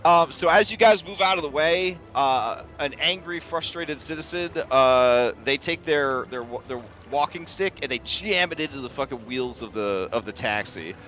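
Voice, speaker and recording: A man's voice: fairly high pitch, expressive, normal speed, few pauses, fairly bright tone, soft background music. A man running a tabletop game as game master, talking loosely and chattily with many fillers and the odd curse.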